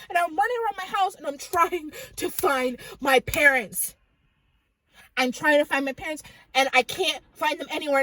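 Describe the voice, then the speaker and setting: A woman tells a personal story with urgent intensity. Her voice sits high and sometimes cracks with tears. The sound is close and dry, with no room around it. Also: fairly bright tone, no echo, poor audio. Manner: fervent and urgent, voice breaking into tears. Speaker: Christian video host.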